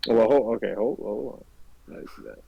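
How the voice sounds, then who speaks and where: A man's voice: fairly low pitch, normal speed, gravelly, dull audio, crowd noise. A man voicing a lost, folksy cowboy adventurer who gets flustered. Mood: awkward.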